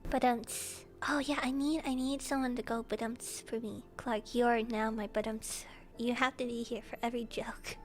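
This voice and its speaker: A woman streamer answering viewer questions in casual chat, playful and giggly, laughing often between her jokes. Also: fairly high pitch. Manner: joking, self-mocking princess bits.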